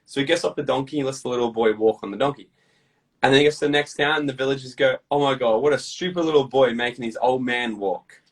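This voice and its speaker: A man being interviewed, talking bluntly with lots of swearing and lively storytelling. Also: mid-range voice, fast, recorded from a distance, rough recording. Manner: blunt, profane, animated storytelling. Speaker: guest. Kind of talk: casual interview chat.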